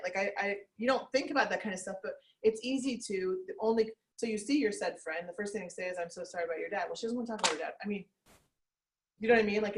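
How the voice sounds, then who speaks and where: A woman's voice: medium pitch, rough recording. A woman leading a sales team meeting, chatty, laughing often and acting out little quotes. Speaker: team leader. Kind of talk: team meeting pep talk.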